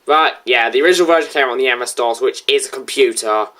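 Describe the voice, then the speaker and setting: A woman giving casual commentary over a reaction video, blunt and sarcastic, quick to correct others. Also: a bass voice, fairly bright tone, a little hiss or hum.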